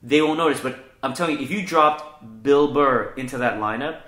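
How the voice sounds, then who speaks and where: A man's voice: medium pitch, moderate pace, fairly bright tone, soft background music. A man, a comedian hosting a casual chat, talking profanely and with animation, mocking other people's voices. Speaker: comedian podcast host. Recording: echoey room.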